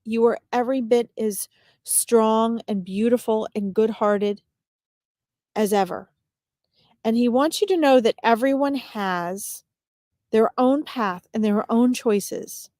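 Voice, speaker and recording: A woman giving a live-streamed psychic reading as a medium, talking in a gentle, reassuring way with frequent pauses and fillers. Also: fairly high pitch, no echo, studio quality. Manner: gentle, reassuring address to viewers.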